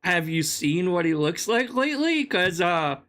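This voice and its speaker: A woman giving an indignant, profane reaction commentary, her throat sore from yelling. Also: fairly low pitch, sing-song, measured pace. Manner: profane, indignant, laughing ranting.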